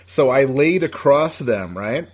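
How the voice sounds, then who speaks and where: A man from upstate New York spins a long, rambling story in loose podcast chat. He swears freely and laughs along with his own telling, at an everyday mid pitch. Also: expressive, slow, darkish tone. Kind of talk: casual storytelling.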